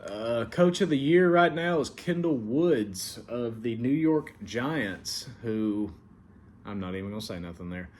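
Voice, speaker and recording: This league commissioner and show host has a mid-range, slightly mellow voice with lively intonation, speaking a bit slowly over a little hiss or hum. With his country American Southern accent, he runs a laid-back, filler-filled weekly league recap but turns stern over the rules.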